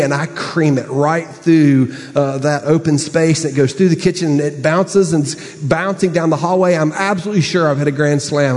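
Pastor preaching in a big echoing hall. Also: male voice. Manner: storytelling, swinging from high bursts to hushed asides. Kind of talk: sermon.

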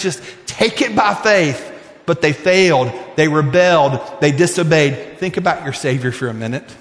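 A male pastor preaching a sermon with passion, swinging from near-shouts to hushed, earnest appeals. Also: sits high. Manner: impassioned preaching, rising to shouts and dropping to hushed prayer. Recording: echoey hall with long reverb.

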